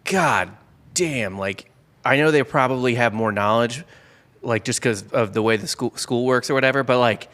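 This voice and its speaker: A man's voice: medium pitch, normal speed, fairly bright tone. A man co-hosting a podcast, chatting loosely and profanely at a studio table. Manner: profane, chatty, does exaggerated impressions. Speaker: podcast co-host. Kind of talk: casual podcast banter.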